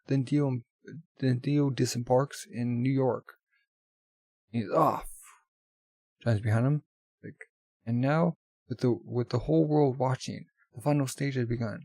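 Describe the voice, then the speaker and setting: Man casually reading a comic aloud, stumbles and self-corrects, gravelly voice, dry recording. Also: mid-range voice, a little mellow, dry recording. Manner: stumbles over words and corrects himself. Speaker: manga reader. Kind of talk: casual read-aloud with commentary.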